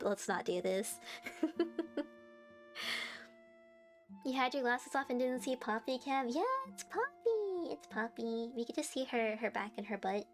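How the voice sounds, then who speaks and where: A woman's voice: mid-range voice, creaky. A young woman streaming live, chatting casually and giggling as she answers her chat.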